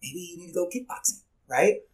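Man, teacher type, casual podcast talk, animated, acts out quotes. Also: sits high, brisk, low-quality recording.

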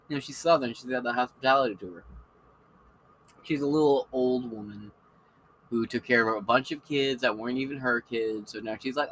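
Bright-voiced, profane, rambling podcast host, a man. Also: medium pitch, brisk, slight background noise, low-quality recording. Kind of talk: casual monologue.

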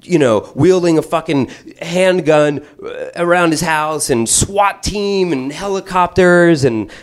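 A man telling a long story in stand-up style, profane, rambling and animated. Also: on the high side, measured pace, smooth.

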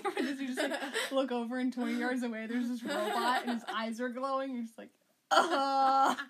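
A woman's voice: fairly high pitch, fairly even intonation, fast, crowd noise. A young woman co-hosting a podcast, chatting and giggling while watching a show with a friend. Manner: giggly, chatty, quotes characters in funny voices. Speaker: podcast co-host.

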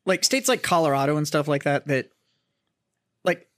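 A man co-hosting a casual podcast, joking and cursing in quick banter. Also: a little high, lively intonation, a bit bright, no room sound, clean studio sound. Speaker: podcast co-host. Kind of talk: casual chat.

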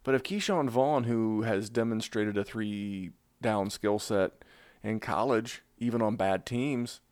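A man hosting a casual fantasy football podcast, talking through his analysis in a conversational, animated way. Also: on the low side, takes it slowly, no echo. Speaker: podcast host.

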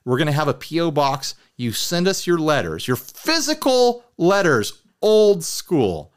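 A man's voice: a little high, measured pace. Guy co-hosting a gear podcast, rambles and jokes around, voice jumps up and down a lot. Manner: animated, rambling, jokey. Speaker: podcast co-host. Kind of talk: casual chat.

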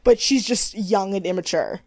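A young woman co-hosting a casual recap chat, animated, acting out quotes in high voices and swearing freely. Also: moderate pace. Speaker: podcast co-host.

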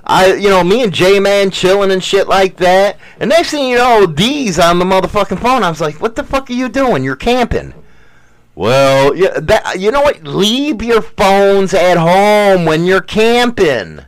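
Male podcast co-host, high and very lively, crude, boastful banter. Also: a little slow, hardly any pauses. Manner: profane, boastful, mock-preaching. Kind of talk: casual banter.

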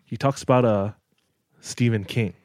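A man's voice: medium pitch, moderate pace, darkish tone, no echo, studio quality. A young man on a podcast, telling stories in casual chat, with lots of "like" and "dog.". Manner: laid-back storyteller, says "like" and "dog" a lot. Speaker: podcast co-host.

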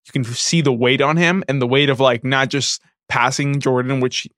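A man co-hosting a sports podcast, speaking haltingly and searching for words with many fillers. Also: medium pitch, steady tone, fairly bright tone, no echo, studio quality. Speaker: podcast co-host. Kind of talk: casual sports chat.

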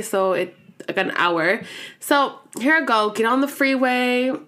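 Chatty young woman telling a story. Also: mid-range voice. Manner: animated, swearing, acts out quoted voices. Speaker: vlogger. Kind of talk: casual storytime to camera.

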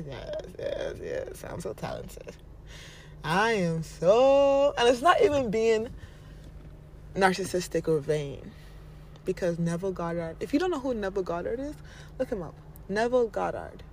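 Lively, laughing woman giving pep talk. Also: fairly low pitch, gravelly, slight background noise. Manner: animated and playful, laughs often, mocks others with exaggerated voices, casual swearing. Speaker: vlogger giving manifestation advice. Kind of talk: casual motivational monologue.

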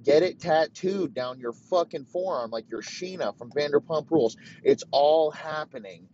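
A man's voice: a little high, normal speed, warm tone, highs cut off, slight background noise, voice pushed up, lightly acted. A man voicing a smug, preachy male league boss who lectures a star player with mocking profanity. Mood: smug lecturing.

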